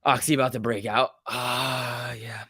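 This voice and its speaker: A man hosts a live trading stream in casual, rambling chatter. He reads viewers' messages aloud between quick excited outbursts. His middle-pitched voice sounds close and dry, with no room echo. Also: breathy edge. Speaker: livestream host.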